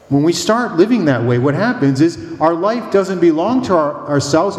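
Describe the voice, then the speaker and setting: A male priest giving a mission talk, telling stories with lively, rhythmic repetition. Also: a little high, moderate pace, few pauses, roomy sound, long reverb tail. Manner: animated storytelling preacher, rhythmic repetition.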